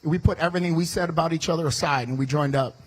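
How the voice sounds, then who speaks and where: A man from the Chicago area giving a fiery rally speech on a state fair stage into a stage microphone, talking fast and loud and shouting his punchlines as a running mate. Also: on the high side, breathy edge, poor audio.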